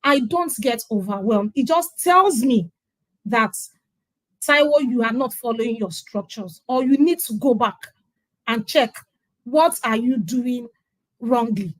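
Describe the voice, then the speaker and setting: A middle-aged woman with a Nigerian accent speaks as a guest in a conversational interview. Her voice sits a little high, and she tells her story with emphasis, acting out the lines of the people in it. The sound is close and dry, with no room echo. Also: unhurried. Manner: emphatic storyteller who acts out quoted dialogue. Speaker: interview guest sharing her parenting journey. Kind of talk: conversational testimonial.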